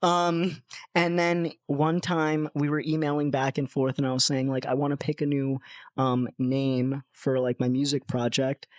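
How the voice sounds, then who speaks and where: A young American man chatting on a podcast, telling animated stories, swearing freely and putting on voices for people he quotes. His voice sits at a middle pitch and sounds close and dry. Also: unhurried, no room sound. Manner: animated storyteller, swears, mimics others in high voices. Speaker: guest musician. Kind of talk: casual podcast chat.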